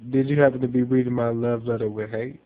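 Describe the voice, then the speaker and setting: A man playing a gentle, amused Love. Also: mid-range voice, little pitch movement, fast talker, close to an everyday voice. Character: gentle, warm male figure of love. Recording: tinny phone-like sound.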